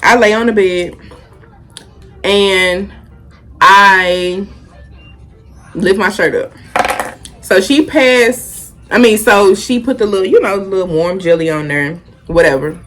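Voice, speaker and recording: A woman's voice: mid-range voice, slow, long pauses, fairly bright tone, soft background music. A young woman, telling a casual storytime and animatedly acting out the quotes. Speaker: vlogger.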